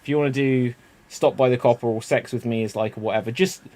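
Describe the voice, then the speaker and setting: A man's voice: medium pitch, steady tone, fast, warm tone. A man hosting improv comedy games, chatty and laughing often. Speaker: improv game host.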